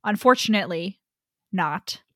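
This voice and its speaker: A woman's voice: mid-range voice, animated, unhurried, no room sound, studio quality. A woman co-hosting a book podcast in casual chat, rambling with lots of "like" and frequent laughter. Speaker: podcast co-host.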